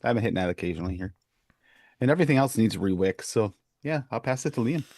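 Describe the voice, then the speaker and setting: A man's voice: on the low side, animated, fast, darkish tone, no room sound, clean studio sound. A man on a panel in a casual chat, explaining things in a matter-of-fact way.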